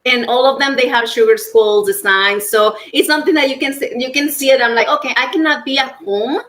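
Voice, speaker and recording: A woman from Mexico with a strong Mexican Spanish accent, a business owner talking as a guest in a lively interview and mixing in Spanish words. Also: high voice, a little fast. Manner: lively, restarts often, mixes in Spanish words. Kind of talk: casual interview chat.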